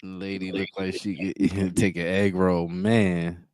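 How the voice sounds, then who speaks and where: A man co-hosting a video reaction show, trading loud, joking, slangy banter in casual chat. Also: low-pitched, level tone, slow, no room sound.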